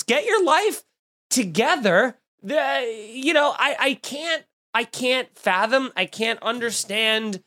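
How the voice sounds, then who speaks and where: A man's voice: sits high, a bit bright. Sarcastic crude-talking podcast host man. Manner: sarcastic, crude, mock-outraged. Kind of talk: comedic podcast rant.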